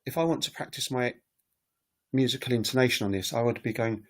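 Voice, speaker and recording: A brisk man with a medium-pitched voice teaches on a casual livestream from a webcam setup. He's a language teacher and recorder player whose talk rambles and hesitates, full of fillers.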